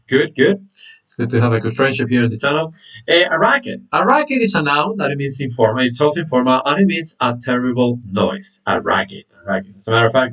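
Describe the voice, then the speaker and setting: A man's voice: medium pitch, a bit bright, recorded from a distance, poor audio. A man teaching an online English lesson, repeating words, saying "okay" often and greeting viewers by name.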